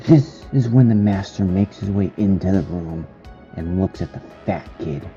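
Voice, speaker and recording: A man tells a horror story slowly and dramatically. His voice is low, very dark and gravelly. The audio is dull and lo-fi, with faint music underneath. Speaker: narrator.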